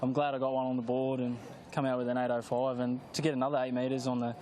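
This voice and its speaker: An athlete talking after his event. He speaks quickly in a mid-range voice and stays relaxed and halting, filling his pauses as he goes. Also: mid-range voice. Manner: laid-back, halting with fillers. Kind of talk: post-event interview.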